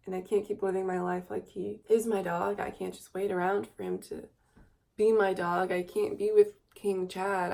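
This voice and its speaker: A woman's voice: creaky, dark tone. A young woman in her twenties, tired, talking in a rambling, wistful confessional vlog to a camera mic. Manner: rambling and wistful, coos in a high baby voice. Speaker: vlogger.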